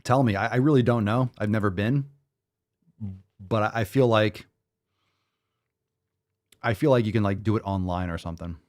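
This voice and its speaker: A show host with a lowish voice speaks at a moderate pace and pauses often. His livestream commentary is casual, profane, and rambling, with a sarcastic, exasperated edge.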